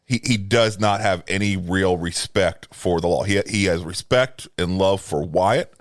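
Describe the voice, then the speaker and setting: A man's voice: deep voice, a little slow, no room sound, studio quality. A man co-hosting a podcast, arguing his reading of a film emphatically with plenty of swearing. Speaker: podcast co-host. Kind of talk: casual movie review chat.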